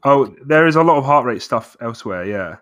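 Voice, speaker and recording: A man's voice: medium pitch, expressive, a little fast, a bit bright, no echo, studio quality. A man in his thirties co-hosting a podcast, chatting casually and rambling, often saying "bro". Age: 30s. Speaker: podcast co-host. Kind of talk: casual chat.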